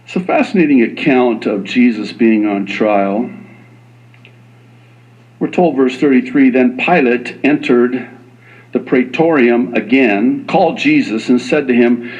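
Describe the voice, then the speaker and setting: A man preaching a sermon as a pastor, animated and slipping into quoted voices. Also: medium pitch, a little slow, lo-fi sound.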